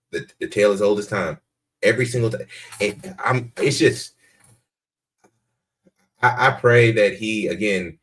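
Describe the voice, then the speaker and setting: A man with a very low voice talks as a podcast co-host. He speaks in a measured, earnest way, reflecting on a dating show. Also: fairly bright tone. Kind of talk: casual commentary on a dating show.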